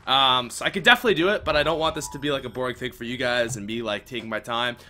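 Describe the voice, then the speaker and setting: A young man commentating his own gameplay, chatty and excitable, with outbursts and mock-British slang like mate. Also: mid-range voice, a little hiss or hum. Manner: excitable, chatty, quick outbursts while playing. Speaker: gaming video host. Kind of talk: let's play commentary.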